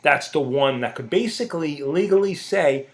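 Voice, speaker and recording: A man's voice: fairly high pitch, lively intonation, normal speed, vocal fry. A middle-aged man in a casual ranting monologue, blunt and profane, hammering his points home by repeating them. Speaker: podcast host.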